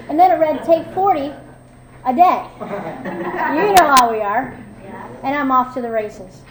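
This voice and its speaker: Candid woman sharing her story. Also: high-pitched. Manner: candid, self-mocking, conversational with many fillers. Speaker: recovery meeting speaker. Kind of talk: personal testimony talk. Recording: echoey room with faint ambience.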